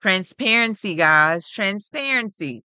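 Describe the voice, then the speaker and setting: A woman's voice: mid-range voice, animated, slow pace, bright, forceful tone, clear, resonant tone, dry recording. A woman co-hosting a podcast in casual, upbeat chat, laughing often and speaking with emphasis. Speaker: podcast co-host.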